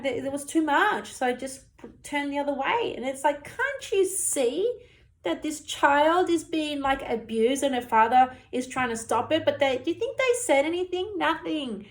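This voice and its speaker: Woman, higher voice, earnest testimony. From Australia. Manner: earnest, heated retelling full of "you know" and "like". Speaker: storyteller recounting her childhood. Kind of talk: personal testimony monologue.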